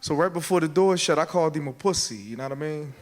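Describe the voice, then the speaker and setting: A man's voice: a little high, fast. A man telling crude, casual stories in a stand-up set on a handheld mic. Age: 40s. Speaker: stand-up comedian. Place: comedy club stage.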